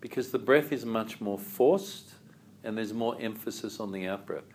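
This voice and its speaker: A man teaching a yoga class, calm and asking the group questions. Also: lowish voice, normal speed, slight background noise.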